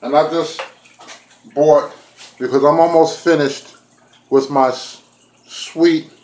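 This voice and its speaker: A man's voice: on the high side, darkish tone, reverberant, rough recording. A man chatting casually to his viewers while he makes food in his kitchen, talking to them directly. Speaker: vlogger. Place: home kitchen.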